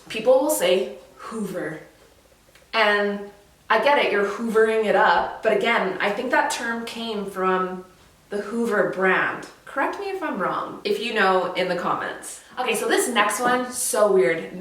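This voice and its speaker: A woman's voice: mid-range voice, fairly bright tone, far from the mic. Canadian accent, young woman, chatty vlog talk, laughs a lot, very roomy echo, a bit off-mic. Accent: Canadian English. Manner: chatty, laughing often, trailing off and restarting. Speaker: vlogger. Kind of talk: casual chat to camera. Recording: very echoey room, voice from off-mic.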